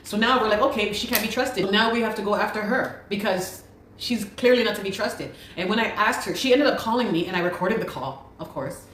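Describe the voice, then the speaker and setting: A woman's voice: medium pitch, brisk, a bit bright, a little hiss or hum. A woman telling her story as a guest, speaking urgently and repeating her pleas. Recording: echoey room recording.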